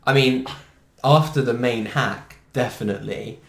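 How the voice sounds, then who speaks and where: A man talks casually as a podcast co-host, upbeat and quick to laugh. His voice sits at an ordinary middle pitch. The room around him rings with noticeable echo. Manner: chatty, enthusiastic, laughs often. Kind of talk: casual chat. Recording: echoey room.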